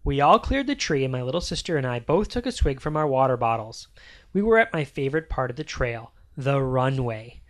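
A reader narrating a children's story aloud in an expressive, sing-song way. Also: mid-range voice, fairly quick.

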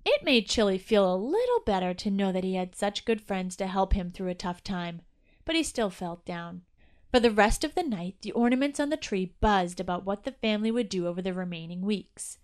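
A woman narrating a children's Christmas story aloud. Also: medium pitch.

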